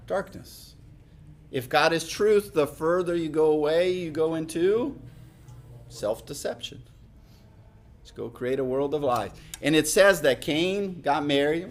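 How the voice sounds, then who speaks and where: A middle-aged man preaching a sermon in a conversational way, repeating key lines for emphasis and dropping to quiet asides. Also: a little high. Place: church hall.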